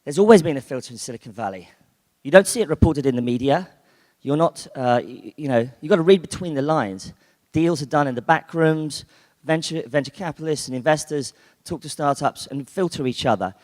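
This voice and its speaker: Animated and a little fast, a British conference speaker with a fairly high, slightly mellow voice delivers a chatty keynote. Fillers and restarts run throughout, and the recording has long hall reverb.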